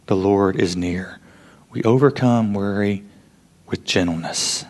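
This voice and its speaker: A man preaching a sermon in an earnest storytelling way, often dropping to a hush for emphasis. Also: fairly low pitch. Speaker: pastor.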